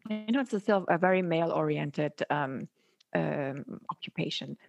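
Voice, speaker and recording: A woman speaking in a casual, reflective conversation, thoughtful and often laughing softly. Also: low-pitched, measured pace, creaky, dull audio, faint music behind. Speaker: photographer and podcast host.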